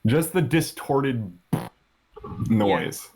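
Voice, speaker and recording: A man's voice: medium pitch, big pitch swings, drawn-out words, crowd noise. A man playing a tabletop game over a voice call, describing his character's action hesitantly with many fillers. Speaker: player. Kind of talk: casual tabletop play. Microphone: computer mic on a voice call.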